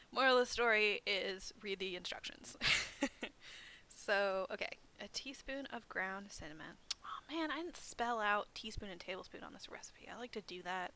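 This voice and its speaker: Chatty young woman with a bright voice. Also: mid-range voice, vocal fry, slight background noise, poor audio. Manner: chatty and self-deprecating, many fillers. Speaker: library program host. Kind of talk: casual craft demonstration.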